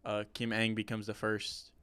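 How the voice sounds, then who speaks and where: Young male podcast co-host, low and even, smooth tone, dry close recording, rambling sports enthusiast. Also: normal speed, no room sound. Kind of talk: casual sports chat.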